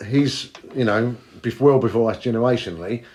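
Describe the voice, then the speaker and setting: A man's voice: mid-range voice, brisk, a little mellow. A man with a London working-class accent, a cab driver in casual conversation, blunt and down-to-earth, sometimes searching for words.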